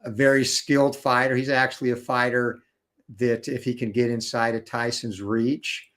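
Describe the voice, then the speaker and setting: Man, casual guest chat, knowledgeable, steady, filler words, mid pitch. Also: normal speed.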